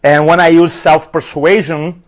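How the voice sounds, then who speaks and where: Man with a thick accent, energetic trainer. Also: fairly high pitch, unhurried. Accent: foreign accent, Spanish-influenced. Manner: energetic, rhetorical questions, numbered tips. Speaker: public speaking trainer. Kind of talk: live seminar talk. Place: event room with an audience.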